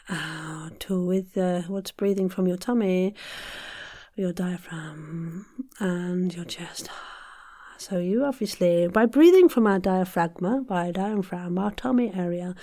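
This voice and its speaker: A woman hosting a podcast, leading casual vocal warm-ups in a chatty, playful, self-deprecating way and counting breaths slowly as she coaches. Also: medium pitch. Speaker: podcast host leading voice exercises.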